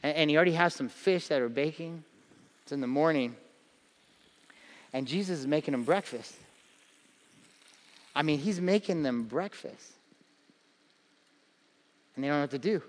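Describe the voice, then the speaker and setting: A pastor in his thirties preaches with playful energy, slipping into acted-out voices as he tells stories. His voice sits a little high for a man. The sound carries a long reverb from a large church hall. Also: moderate pace, pauses often. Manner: animated storytelling with acted-out voices and humor. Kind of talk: sermon.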